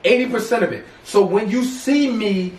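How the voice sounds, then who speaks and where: A man's voice: high-pitched, moderate pace, darkish tone, a little hiss or hum. A man co-hosting a podcast, arguing his point insistently and talking over the others. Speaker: podcast co-host. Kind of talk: heated casual debate. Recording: roomy echo, mic at a distance.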